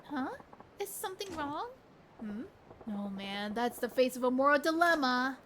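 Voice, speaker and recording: Woman streamer, high voice, very lively pitch, bubbly and giggly, faint background hum. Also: normal speed. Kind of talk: gameplay commentary.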